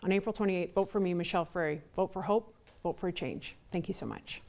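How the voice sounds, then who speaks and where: A woman's voice: fairly low pitch, fast talker, a little mellow. A woman candidate in a television studio, telling a doorstep story and making a persuasive campaign closing statement. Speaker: election candidate.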